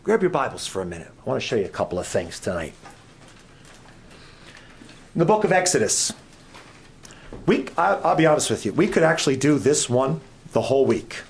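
Lively middle-aged male preacher. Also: on the high side, normal speed, pauses often, slight background noise. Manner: lively, questions the audience, swings from soft to loud. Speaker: guest preacher. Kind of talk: sermon.

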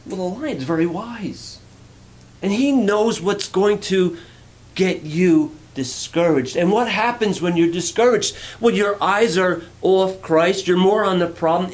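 A male pastor giving a conversational, playful sermon, asking the congregation questions. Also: sits high.

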